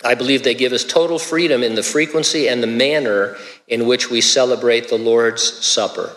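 A man's voice: medium pitch, moderate pace, a bit bright, in a large hall. A male pastor preaching a sermon in a casual, conversational way, with stammered restarts.

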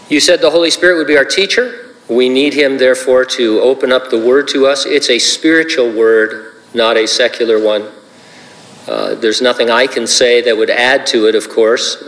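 A male pastor preaching in a relaxed, conversational way, with jokes and asides to the congregation. His voice sits at an ordinary middle pitch and rings out with the long reverb of a large hall. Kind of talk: sermon.

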